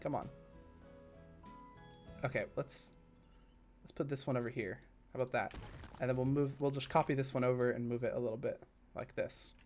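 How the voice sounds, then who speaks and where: A male game streamer chats loosely over his live stream, wandering off into stories between building steps. His mid-range voice jumps high in excited bursts, and faint music plays softly behind him. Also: moderate pace, pauses often. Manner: chatty and rambling, drifting into side stories. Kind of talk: casual live-stream commentary while building.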